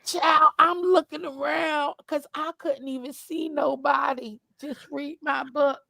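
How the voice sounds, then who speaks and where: A woman telling a lively, profane story in casual chat, calling her listener "child". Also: sits high, a little slow, gravelly, no room sound. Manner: animated storyteller, swears freely, calls listener "child". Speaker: streamer, co-host. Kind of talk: casual chat while crafting.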